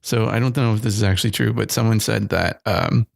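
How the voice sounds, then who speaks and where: A man's voice: fairly low pitch, steady tone, fairly quick, vocal fry, no room sound, studio quality. A man co-hosting a podcast in casual chat, rambling and laughing often. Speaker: podcast co-host. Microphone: studio mic.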